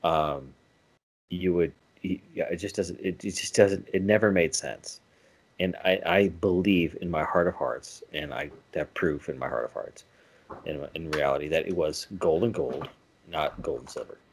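A man's voice: low-pitched, normal speed, slightly rough. A man co-hosting a podcast in casual chat, rambling with many restarts and self-corrections. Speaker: podcast co-host.

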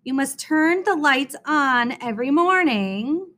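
A woman's voice: high-pitched, expressive, normal speed, sharp tone, voice pushed up. A woman reading a storybook aloud, voicing a strict, earnest woman schoolteacher with an insistent, instructive way of talking.

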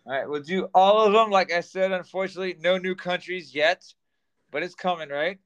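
A man's voice: sits high, fairly quick, fairly bright tone, clear, resonant tone. A man co-hosting a podcast in a loose, chatty way, laughing often. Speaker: podcast co-host. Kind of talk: casual chat.

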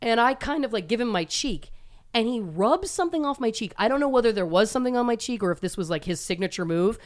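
A woman from Toronto tells a dating story in casual podcast chat. She is animated and self-deprecating and laughs often. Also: on the high side, fast. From Toronto, Canada.

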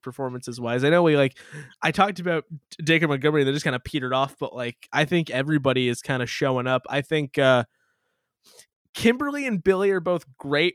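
A man co-hosting a casual movie review chat, rambling and halting, swearing and laughing often. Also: mid-range voice, no room sound, studio quality. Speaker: podcast co-host.

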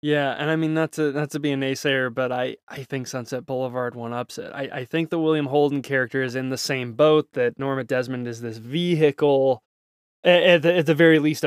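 A man co-hosting a casual film podcast, weighing one film against another. His voice sits at a middling pitch and is recorded dry and close, with small chuckles between points. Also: dry recording. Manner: analytical, chuckling asides. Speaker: podcast co-host.

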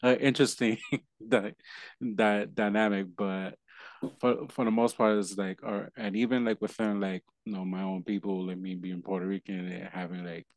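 A man hosting an interview, talking haltingly and casually, with many fillers. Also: lowish voice, steady tone, dry recording. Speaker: podcast host.

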